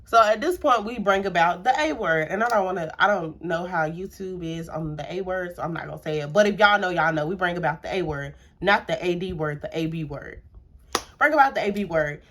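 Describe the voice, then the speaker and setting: A woman's voice: on the low side, fairly quick, fairly bright tone. Chatty young woman telling a storytime. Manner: chatty, repeats herself, many filler words. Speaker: storytime vlogger. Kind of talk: casual storytelling to camera.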